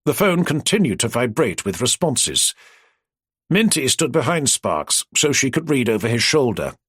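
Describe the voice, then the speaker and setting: Husky male audiobook narrator. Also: medium pitch, big pitch swings, normal speed, no echo, clean studio sound.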